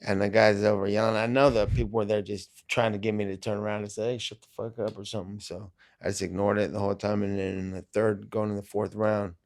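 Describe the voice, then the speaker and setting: A man's voice: lowish voice, flat delivery, quick pace, hardly any pauses, darkish tone. A man telling stories as a podcast guest, laid-back and full of swearing. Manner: profane, laid-back, rambling. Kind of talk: casual storytelling.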